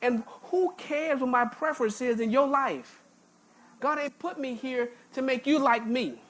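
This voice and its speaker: Woman pastor, sermon, fairly high voice, repeats and restarts, folksy and emphatic. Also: animated, unhurried, slight background noise. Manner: folksy, informal speech with jokes. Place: church sanctuary.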